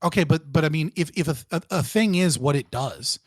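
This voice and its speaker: Fast-swearing man with a fairly high voice. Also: no room sound. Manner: animated and profane, restarts often. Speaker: guest. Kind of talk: casual political debate.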